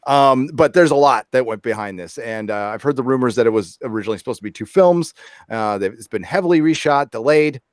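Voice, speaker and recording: A man's voice: mid-range voice, fairly quick, no room sound, studio quality. A middle-aged man hosting a casual podcast chat, rambling with lots of fillers and hedges. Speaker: podcast host.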